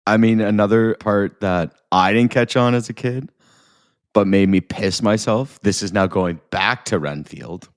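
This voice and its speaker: A man's voice: lowish voice, measured pace, dry recording, studio quality. A man co-hosting a podcast, retelling favorite movie scenes in a rambling, swearing way, losing his place and laughing along. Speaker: podcast co-host. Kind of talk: casual film review chat.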